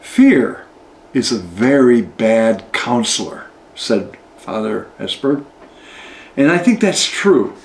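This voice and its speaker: A man leading a book study, reading passages aloud and pausing to reflect on and explain them. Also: mid-range voice, big pitch swings, a little hiss or hum. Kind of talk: reading aloud with spiritual commentary. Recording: echoey room.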